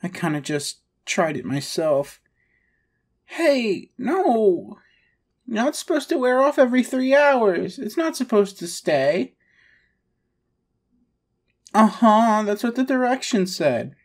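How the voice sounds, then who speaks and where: A woman's voice: a little high, sing-song, slow pace, long pauses, breathy edge. Pouty, whiny woman in audio role-play.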